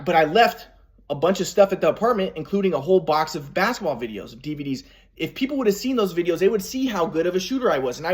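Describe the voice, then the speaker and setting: Fast-talking man telling a rambling story. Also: sits high. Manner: rambling, many restarts, acts out quotes. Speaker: vlogger. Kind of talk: personal storytelling monologue.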